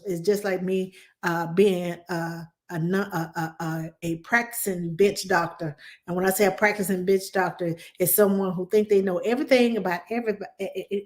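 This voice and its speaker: Female nanny host for a live Q&A. Animated, chatty delivery with repetition for emphasis and quick acted-out quotes. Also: mid-range voice. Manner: animated, acts out quoted voices, repeats for emphasis; conversational with fillers and restarts. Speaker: nanny answering viewer questions. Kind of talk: casual live Q&A.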